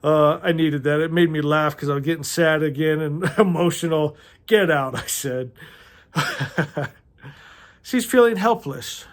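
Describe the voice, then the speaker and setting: A man's voice: a little high, unhurried. A middle-aged man reading a novel aloud and commenting on it casually, emotional, often laughing and swearing.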